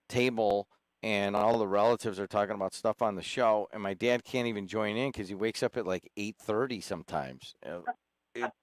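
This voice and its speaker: Radio host, man, lowish voice, dry studio sound, rambling and teasing. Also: no room sound. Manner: chatty, rambling, friendly teasing. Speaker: radio talk show host. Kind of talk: casual call-in chat. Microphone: studio microphone.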